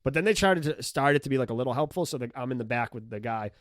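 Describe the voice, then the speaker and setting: Man, comedian guest, casual podcast storytelling, animated, dry close mic. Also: mid-range voice, quick pace, no echo. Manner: animated storyteller who acts out quotes, laughs mid-story.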